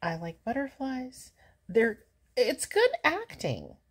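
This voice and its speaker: A woman's voice: on the high side, huge pitch swings, slow, slightly rough. A woman in her forties rambling sarcastically in a casual chat while reacting to a movie, a little out of breath from walking. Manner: chatty, sarcastic, easily amused.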